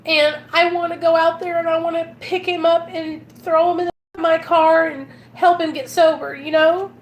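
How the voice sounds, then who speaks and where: Her voice is very high-pitched and flatly delivered at a moderate pace, with slight background noise, as this Arkansas woman with a Southern accent vlogs from her car. As a recovery vlogger, she speaks heartfelt and casually to viewers about addiction recovery. She comes across as earnest and emotional, now and then almost crying.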